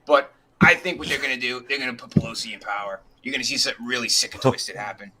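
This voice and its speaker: A man on a group podcast making deadpan, sarcastic jokes. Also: mid-range voice, quick pace, slight background noise, rough recording. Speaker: podcast co-host. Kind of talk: casual group chat.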